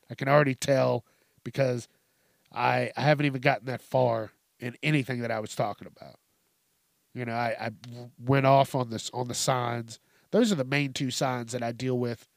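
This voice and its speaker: A man's voice: medium pitch, creaky, no echo, clean studio sound. A young man hosting a comedy podcast, ranting in a rambling, profane way and laughing at his own jokes. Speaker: podcast host.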